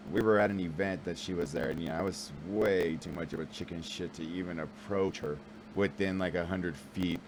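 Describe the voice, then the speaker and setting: A man's voice: low-pitched, background noise. A man in his forties telling a rambling, self-deprecating story to camera, full of fillers and restarts. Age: 40s. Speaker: vlogger and new actor.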